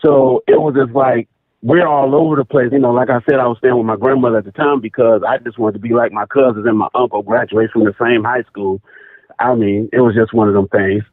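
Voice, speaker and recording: A man's voice: mid-range voice, a little fast, no echo. Man telling a story over a tinny phone line. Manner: animated, repeats phrases for emphasis. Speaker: caller. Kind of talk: casual storytelling.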